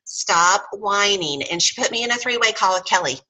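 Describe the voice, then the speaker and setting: Chatty, bright-voiced woman storyteller. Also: medium pitch, racing, rough recording. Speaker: guest sharing her story. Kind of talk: casual interview chat.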